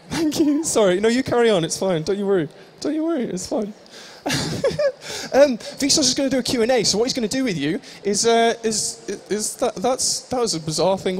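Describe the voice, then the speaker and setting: A man's voice: sits high, a little hiss or hum. A young man hosting a live stage show, joking and teasing the audience in improvised comic banter. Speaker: stage host at a live fan convention.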